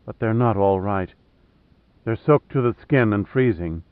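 A man reading a stubborn, intelligent woman who speaks softly with slight huskiness. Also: fairly low pitch, unhurried, no room sound, close to an everyday voice. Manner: soft, quiet delivery. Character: stubborn, intelligent young woman, soft-spoken. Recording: narrow phone-like sound.

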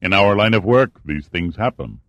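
A man's voice: lowish voice, animated, normal speed, no room sound, dull audio, natural voice. A man reading a courteous, formal official. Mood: measured.

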